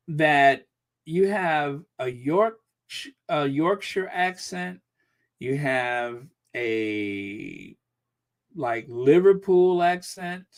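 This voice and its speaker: A man's voice: on the high side, darkish tone. A man hosting a casual live stream, chatting in a musing way and reading out viewer comments, with many fillers and restarts.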